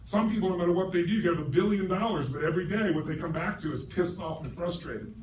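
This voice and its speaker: A middle-aged man speaks at a live seminar, asking a large audience questions and swearing freely. His voice sits high for a man and is forceful throughout. The recording catches him from a distance in a roomy hall, with loud background noise. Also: fast talker. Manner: forceful, profane, asks the crowd questions. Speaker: motivational speaker. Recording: roomy stage recording from far off, noisy.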